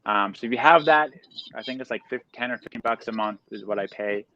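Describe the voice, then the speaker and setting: A man from Canada, a guest on a live stream, talking in a loose, slangy, energetic way with many fillers. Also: mid-range voice, a little fast, highs cut off. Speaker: guest, reseller. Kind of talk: casual interview chat.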